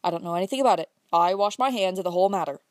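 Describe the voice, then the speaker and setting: A man's voice: high-pitched, rapid-fire, dry recording, studio quality, natural voice. A woman voicing a church deacon who is firm and dismissive. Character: fussy church deacon washing his hands of it.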